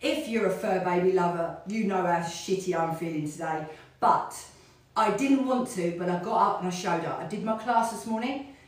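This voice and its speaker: A woman's voice: fairly low pitch, moderate pace. A middle-aged woman, a fitness instructor, chatting in a rambling way while she hula hoops in her home studio. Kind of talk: casual chat while hula hooping. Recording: very echoey room, voice from a distance.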